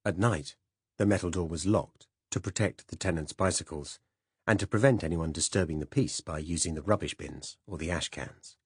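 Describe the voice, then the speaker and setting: A man narrating a first-person spy novel as an audiobook in a measured, even way. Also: low-pitched, slightly rough, dry recording, clean studio sound.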